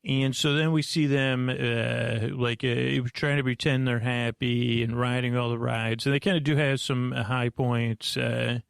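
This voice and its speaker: A man slowly recapping a movie plot at bedtime, meandering with lots of fillers and restarts. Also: medium pitch, steady tone, gravelly, clean tone, no room sound, clean studio sound. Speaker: host.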